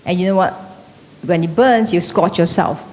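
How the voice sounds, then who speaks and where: A woman teaching an evening class, lecturing conversationally and checking in with the class through frequent tag questions. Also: normal speed. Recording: echoey hall with faint rumble.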